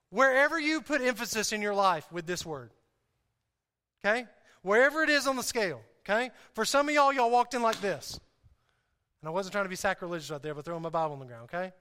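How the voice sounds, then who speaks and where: Guy preaching a sermon, real high bright voice, jokey and stumbles over his words a lot. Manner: animated, joking, repeats himself and restarts often. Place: church hall. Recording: hall reverb.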